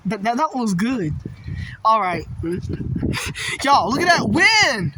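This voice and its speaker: A man vlogging about the weather outdoors in strong wind, excitable and exclaiming, often calling out to his viewers. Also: very high voice, takes it slowly, poor audio. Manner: excitable, exclaiming, repeatedly addressing viewers as y'all. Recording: loud wind noise outdoors.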